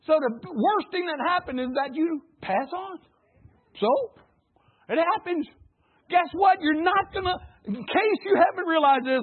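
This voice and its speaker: A pastor preaching a sermon in call-and-response style, swinging between loud and hushed passages. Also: male voice, very high voice. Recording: tinny phone-like recording.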